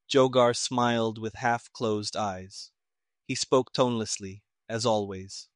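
A man narrating a story in a steady, even reading voice. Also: lowish voice, a little slow, no echo, studio quality. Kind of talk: scripted audiobook narration.

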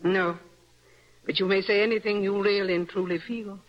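An actress playing a composed, motherly young wife in a radio stage play, speaking in a gently commanding, teasing way. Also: medium pitch, fairly even intonation, moderate pace, dull audio, natural voice. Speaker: clergyman's wife.

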